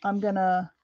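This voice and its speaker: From a home craft room, a middle-aged woman hosts a crafting livestream, talking chattily with live viewers and laughing readily. Her voice is lowish, the recording has no room sound, and the highs are cut off.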